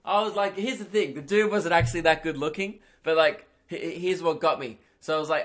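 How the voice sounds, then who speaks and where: A young man tells a crude, self-mocking story on his comedy podcast. He delivers it in an animated stand-up style. His voice sits a little high. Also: fairly quick, hardly any pauses.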